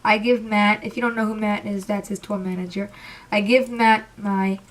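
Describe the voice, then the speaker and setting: A young woman telling an excited, rambling storytime about meeting her idols, emotional and close to tears. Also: medium pitch, normal speed. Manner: gushing, rambling, says literally a lot. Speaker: vlogger.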